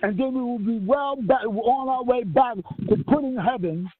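High-pitched guy preaching rough, cussing, makes the crowd finish his lines, sounds tinny like a phone. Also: moderate pace, dry recording. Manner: fiery, profane, quizzes listeners with rhetorical questions. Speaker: spiritual leader. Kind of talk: profane call-and-response sermon. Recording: tinny lo-fi line with faint hiss.

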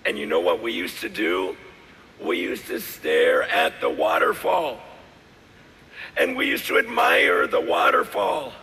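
Male pastor, middle-aged, hoarse; slow, animated sermon delivery with a bright edge, faint background noise. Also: high voice. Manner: animated preaching, swinging from shouts to quiet asides. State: hoarse, voice worn out. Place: large hall with live audience. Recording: long hall reverb, faint noise.

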